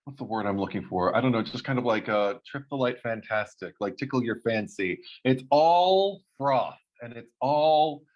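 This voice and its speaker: A man co-hosting a casual podcast chat, telling stories in an animated way and swearing freely. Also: moderate pace, hardly any pauses. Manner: animated storytelling, jumps high for quoted voices. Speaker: podcast co-host. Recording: slightly dull lo-fi sound.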